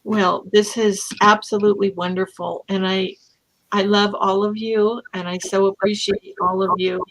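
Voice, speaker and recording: A woman minister giving an emotional, halting thank-you to her congregation. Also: medium pitch, little pitch movement. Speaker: departing minister. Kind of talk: heartfelt thank-you speech in a service.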